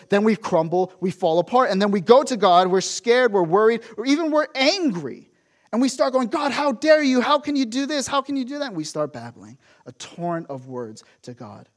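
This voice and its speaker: Guy with a high voice preaching, tells stories, acts out quotes, asks the room questions. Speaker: pastor. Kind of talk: sermon.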